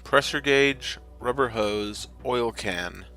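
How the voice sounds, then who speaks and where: Soft music sits behind a channel host who narrates his gameplay slowly in a sharp, medium-pitched voice. His let's-play talk is casual and jokey, meandering, with frequent self-corrections mid-sentence.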